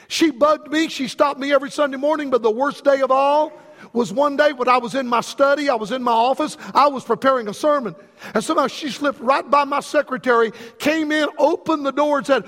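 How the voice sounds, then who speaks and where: High-voiced preacher in a reverberant hall. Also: male voice, fairly quick, fairly bright tone. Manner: folksy storytelling preacher, calls out to the congregation. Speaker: pastor. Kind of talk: sermon.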